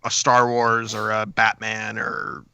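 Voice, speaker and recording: A man's voice: fairly low pitch, completely flat delivery, slow, vocal fry, sharp tone, smooth, no echo. A middle-aged man co-hosting a podcast, telling stories with laughs and false starts. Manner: laughing storyteller, trips over starts. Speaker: podcast co-host. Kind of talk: casual chat.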